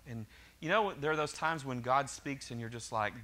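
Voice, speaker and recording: Man, middle-aged pastor, sermon, bright clear tone, conversational, joking asides. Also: medium pitch, normal speed. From Oklahoma, USA.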